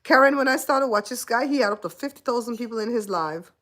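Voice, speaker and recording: A woman's voice: on the high side, animated, quick pace, fairly bright tone. Laughing, chatty Belizean woman. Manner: laughs often, chatty and teasing. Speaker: host. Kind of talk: casual livestream chat.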